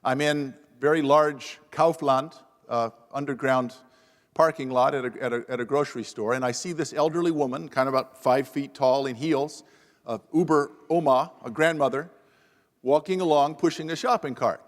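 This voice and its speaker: A man's voice: medium pitch, normal speed. A man on a lapel mic telling a self-deprecating story with wry humor as a professor on a panel. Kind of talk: humorous anecdotal talk at a panel event. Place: university event hall. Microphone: lapel microphone. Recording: long reverb of a large hall.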